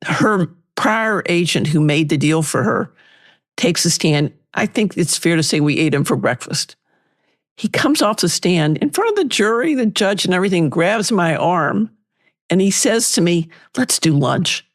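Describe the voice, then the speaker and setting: An older woman, a litigation lawyer and interview guest, telling lively anecdotes and acting out past exchanges. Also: fairly low pitch, normal speed. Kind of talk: storytelling in an interview.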